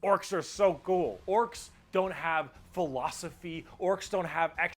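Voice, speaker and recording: A man's voice: sits high, slow. A man in casual chat, enthusiastically rambling as he explains a tabletop wargame and mimics brutish characters. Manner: enthusiastic, rambling explainer who acts out dumb-brute voices.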